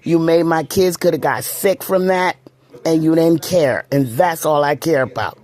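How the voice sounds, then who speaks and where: A woman's voice: sits low, normal speed, a little mellow. A middle-aged woman telling a personal story in a blunt, emphatic way, often repeating herself.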